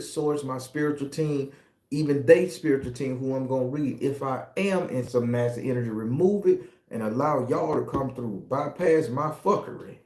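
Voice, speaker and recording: This tarot reader is a middle-aged Southern man whose medium-pitched voice sounds a little mellow. The room echoes as he preaches, swears and confesses through a spiritual monologue.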